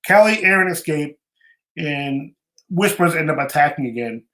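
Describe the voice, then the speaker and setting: A man with a slightly high voice hosts a podcast and recaps episodes in loose, chatty talk. He often stumbles and repeats words as he goes. The room around him rings with echo. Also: animated, normal speed, bright, forceful tone. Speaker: podcast host. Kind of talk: casual recap chat.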